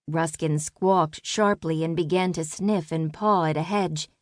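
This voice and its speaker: Woman reading a kids storybook, calm, slow and low, dry close mic. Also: no echo. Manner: calm and measured. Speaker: audiobook narrator. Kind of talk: scripted children's audiobook narration.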